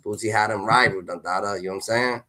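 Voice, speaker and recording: Excitable slangy man reacting. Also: on the low side, quick pace. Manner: slangy, repeats a catchphrase tag constantly; loud, excitable and laughing. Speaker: streamer commenting on rap news. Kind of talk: casual reaction commentary.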